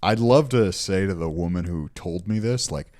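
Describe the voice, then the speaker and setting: A man co-hosting a podcast, telling a story in halting casual chat, often repeating words and chuckling. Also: sits low, darkish tone. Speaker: podcast co-host.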